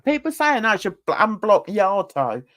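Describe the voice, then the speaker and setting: A woman's voice: medium pitch, sing-song, normal speed, fairly bright tone, no room sound, clean studio sound. A woman on a livestream panel, chatting casually, laughing often and mimicking other people's voices.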